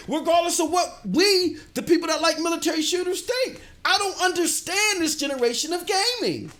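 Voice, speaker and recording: A middle-aged man streaming games, ranting and answering his chat in an animated way. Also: very high voice. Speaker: gaming streamer. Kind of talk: livestream commentary, answering chat.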